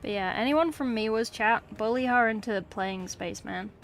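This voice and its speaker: A woman's voice: fairly high pitch, moderate pace, a little hiss or hum. A young English woman chatting casually with her livestream chat while painting, wry and talkative. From England. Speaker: streamer painting miniatures. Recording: faint music behind.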